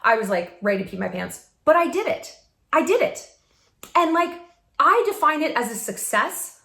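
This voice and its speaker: A woman's voice: sits high, big pitch swings, normal speed, gravelly, sharp tone. A woman hosting a vlog, giving a casual motivational talk to camera, emphatic and laughing often. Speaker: vlog host. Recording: echoey room.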